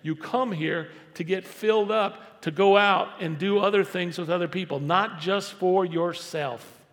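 A man's voice: high voice, measured pace, fairly bright tone, in a large hall. A man preaching a sermon as pastor in a church sanctuary, conversational and repetitive, rising to emphatic stress.

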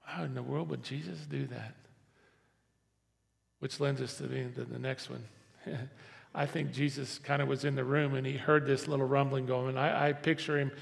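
Gravelly pastor guy preaching in church, chatty and repeats himself, gets emphatic, big echoey sanctuary. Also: mid-range voice, flat delivery, normal speed. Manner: conversational, repetitive, rising to emphatic stress. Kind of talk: sermon.

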